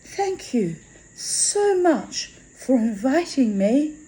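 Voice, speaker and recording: Death appears as a young girl with a low, sweet voice, voiced by a woman reading aloud. She is earnest and quick to apologise. The storybook delivery is slow and mellow. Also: big pitch swings, slight background noise, full character voice, rough recording.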